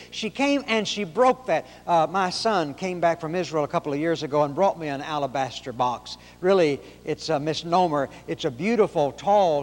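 A middle-aged man preaching a sermon in a folksy, emphatic way, asking rhetorical questions. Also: fairly high pitch. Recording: long hall reverb.

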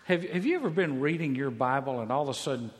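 A man's voice: medium pitch, expressive, fast talker. A man preaching a sermon, emphatic, repeating key phrases for stress. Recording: long reverb of a large hall.

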